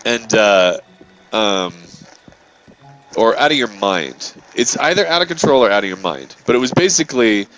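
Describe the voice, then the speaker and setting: Animated man rambling through a story. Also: fairly low pitch, moderate pace, dull audio. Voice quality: profane, filler-heavy, animated retelling. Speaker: gaming channel host. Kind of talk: rambling storytelling over gameplay.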